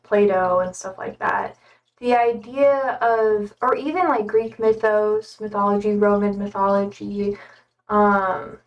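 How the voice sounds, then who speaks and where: A woman's voice: mid-range voice, recorded from a distance, lo-fi sound. A young woman streamer chatting casually in a rambling way with many fillers. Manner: rambling, many fillers, talking to her cats. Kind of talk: casual chat.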